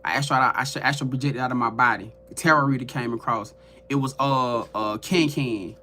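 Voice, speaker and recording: Lively, bright-voiced man telling a story. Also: mid-range voice, fairly quick, a little hiss or hum. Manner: animated, profane, addresses viewers as y'all. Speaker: tarot reader and livestream host. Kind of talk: casual storytelling on a livestream.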